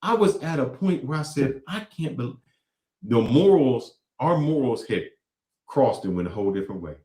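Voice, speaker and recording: A man's voice: mid-range voice, expressive, moderate pace, warm tone. A man hosting a show, giving emphatic reaction commentary on clips and repeating phrases for effect. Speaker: show host. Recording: echoey room.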